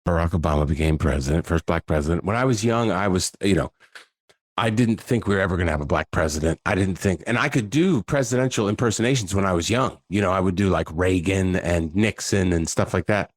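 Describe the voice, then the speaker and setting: A middle-aged man, a comedian and impersonator, telling animated, self-deprecating stories in a podcast interview. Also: sits low, fairly quick, no room sound, studio quality. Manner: lively storyteller, slips into voices, self-deprecating.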